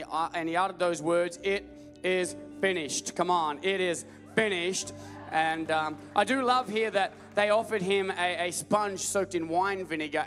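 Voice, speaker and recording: A young man from the American South with a Southern accent, preaching a lively call-and-response sermon to a church crowd. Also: high voice. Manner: energetic call-and-response preaching, rising to loud emphatic repetition. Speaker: pastor. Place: large church hall with live audience. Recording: echoey church hall with faint music.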